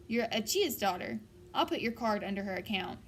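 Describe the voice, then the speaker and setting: A woman reading the lines of a grumpy older male librarian, curt and gruff. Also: mid-range voice, expressive, moderate pace, faint music behind, natural voice.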